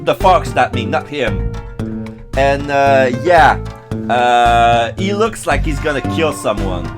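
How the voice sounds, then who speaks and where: A let's play host with a lively, up-and-down voice, chatting through the game at an easy, unhurried pace and reading dialogue aloud. Game music plays steadily behind. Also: medium pitch. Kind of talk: casual game commentary and reading.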